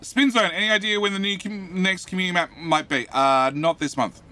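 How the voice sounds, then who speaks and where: A man's voice: high-pitched, brisk, sharp tone. A man with an Australian accent chatting casually on a game live stream, rambling, repeating himself and muttering to himself while he plays and answers chat.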